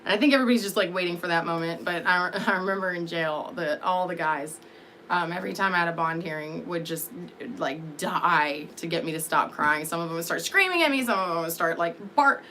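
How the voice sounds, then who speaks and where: A woman talks straight to the camera in a loose, rambling monologue. Her voice is bright and sharp. She swears freely and fills her pauses with ums and likes, with a faint hiss underneath. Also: on the low side. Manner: candid, rambling, profane, with frequent fillers. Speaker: vlogger. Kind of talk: casual storytelling monologue.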